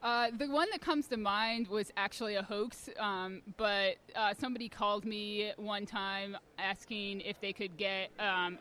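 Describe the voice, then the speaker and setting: Bright-voiced woman explaining patiently. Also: medium pitch. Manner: clear and explanatory, with frequent ums. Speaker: guest, community radio organizer. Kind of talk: explaining in an interview. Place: at a conference.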